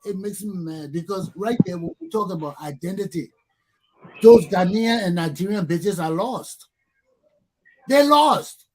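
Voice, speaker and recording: A man's voice: high-pitched, moderate pace, noisy background. A man from Liberia hosting a talk show, ranting angrily in a profane, repetitive way full of rhetorical questions. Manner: angry, profane, repeating himself, rhetorical questions. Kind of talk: heated talk show rant.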